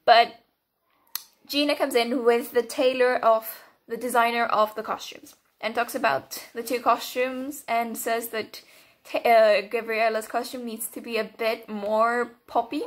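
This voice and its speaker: Giggly young woman reacting to a show. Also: a little high. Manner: giggly, excitable, breaks into laughter. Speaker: reaction video host. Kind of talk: casual reaction commentary.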